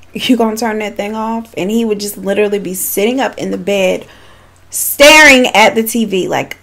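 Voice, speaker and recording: A woman's voice: medium pitch, creaky, a bit bright. A woman telling a true crime story in a casual, chatty way, with frequent asides to her viewers. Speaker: true crime makeup vlogger.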